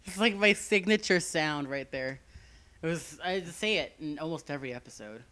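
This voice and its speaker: A man's voice: a little high, lively intonation, normal speed, bright, forceful tone. Joking, rambling young man. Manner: joking, teasing, rambling with many "like"s. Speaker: co-host of fan series commentary. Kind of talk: casual commentary chat.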